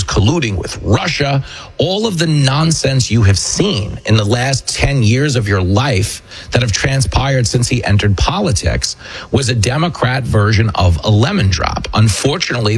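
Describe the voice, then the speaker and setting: Husky New York man hosting. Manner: mocking, acts out quotes in a shrill high voice. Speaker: show host. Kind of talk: political commentary monologue.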